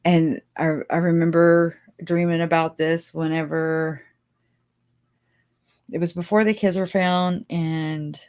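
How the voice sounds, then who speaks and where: A woman's voice: deep voice, level tone, takes it slowly, darkish tone. A woman hosting a casual livestream, rambling and chatty, laughing often and talking straight to her viewers. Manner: speaks to viewers directly. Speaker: livestream host.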